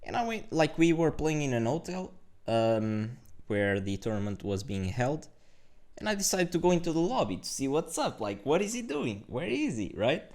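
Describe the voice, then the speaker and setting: A young man telling a lively, casual story about his chess game, full of fillers like "like" and "you know". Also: on the high side, moderate pace. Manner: animated storytelling, lots of fillers. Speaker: chess streamer.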